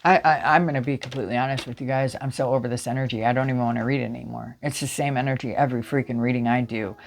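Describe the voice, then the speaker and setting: A woman's voice: extremely low pitch, fairly even intonation, very fast, vocal fry, slight background noise. A woman giving a casual spiritual tarot reading straight to viewers, emphatic and repetitive. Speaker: tarot reader.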